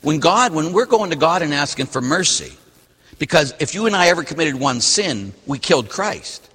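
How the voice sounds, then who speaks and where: A man delivers a Catholic sermon with a bright, slightly husky voice, swinging between loud emphatic lines and hushed, slowed phrases. His lively pitch carries a long, ringing church reverb. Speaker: Catholic priest. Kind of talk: sermon with scripture reading.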